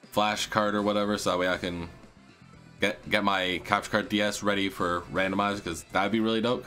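A man hosting a video game let's play, excitable and slangy, cursing and talking to his viewers. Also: on the low side. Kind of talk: casual gameplay commentary.

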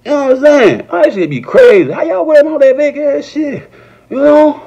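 A man doing a profane, rambling comedy rant that jumps into high, shouted quotes. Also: expressive, brisk, dull audio. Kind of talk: stand-up style comedy rant.

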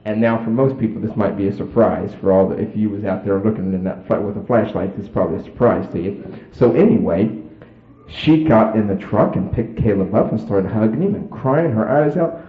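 A man preacher telling a personal story in a folksy, animated sermon. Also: lowish voice, fairly quick. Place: church. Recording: roomy, tinny phone-like old tape.

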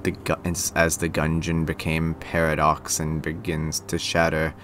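A man voicing a grave male narrator, reading a game's dark opening legend slowly and solemnly. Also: extremely low pitch, completely flat delivery, a little hiss or hum, voice pushed down. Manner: slow, solemn dramatic reading.

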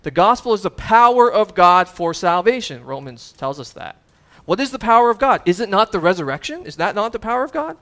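A pastor preaching with a voice pitched a little above most men's. He builds to loud, emphatic peaks, then drops into casual, conversational asides. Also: big pitch swings, brisk. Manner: conversational asides with fillers and chuckles. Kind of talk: sermon.

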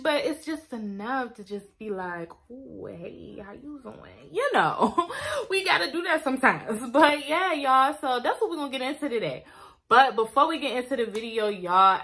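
A young woman beauty vlogger chatting excitedly to camera, calling her viewers y'all, girl and honey. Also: on the high side. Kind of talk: casual chat to camera.

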